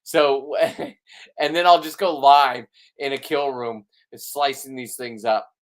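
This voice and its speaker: A man chatting straight to his viewers in a loose, off-the-cuff way, full of jokes and bragging. His voice sits at an ordinary middle pitch and he wanders from one thought to the next. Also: fairly even intonation, slow pace. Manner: joking, boastful, off-the-cuff. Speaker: vlog host. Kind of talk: casual rambling chat.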